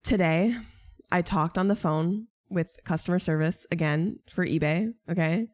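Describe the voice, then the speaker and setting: A woman's voice: on the low side, normal speed, darkish tone. A young woman streamer venting to her viewers in casual chat, exasperated, swearing and rambling.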